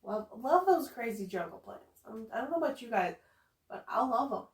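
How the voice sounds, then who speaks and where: A woman's voice: on the high side, very animated, moderate pace. A woman chatting enthusiastically about her houseplants, gushing and often repeating her words, with a slight regional accent that slips in now and then. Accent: some regional accent that slips in. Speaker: houseplant vlogger. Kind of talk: casual chat. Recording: roomy echo, distant from the mic.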